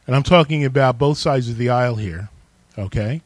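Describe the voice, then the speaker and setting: A man's voice: medium pitch, fairly quick, no echo. A man preaching a sermon as pastor, emphatic and calling on the congregation to respond.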